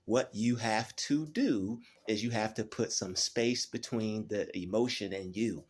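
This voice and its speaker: A man hosting his channel, giving a motivational self-help talk, often checking in with "all right?" and slowing down to stress key phrases. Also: on the low side, husky. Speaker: channel host.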